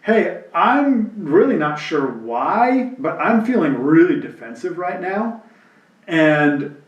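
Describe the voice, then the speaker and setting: A man's voice: on the high side, sing-song, slow, recorded from a distance, highs cut off. A man from New Jersey chatting candidly and reflectively, acting out quoted voices as he tells stories. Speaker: podcast co-host. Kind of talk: casual chat. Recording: roomy, mic set back.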